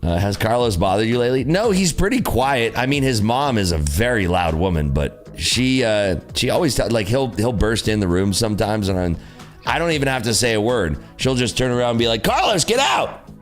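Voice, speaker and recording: A man's voice: fairly low pitch, fairly quick, soft background music. A man hosting a live day-trading stream, talking casually and bluntly with lots of swearing and laughter. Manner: blunt, profane, laughing, animated. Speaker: livestream host, day trader. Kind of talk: casual livestream chat.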